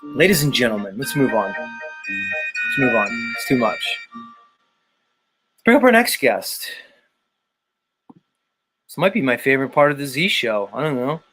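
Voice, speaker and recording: Faint music sits behind a male livestream host whose mid-range voice is sharp and lively in intonation, at a moderate pace. He delivers a casual, sarcastic rant, feigning exasperation and cursing often.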